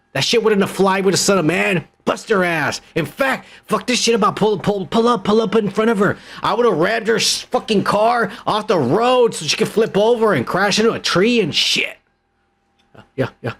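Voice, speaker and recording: Brief: male podcast host, raspy and a touch high, foul-mouthed mocking rant. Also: animated, moderate pace, fairly bright tone. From Texas, USA. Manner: crude, ranting, mocking. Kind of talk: profane comedic commentary.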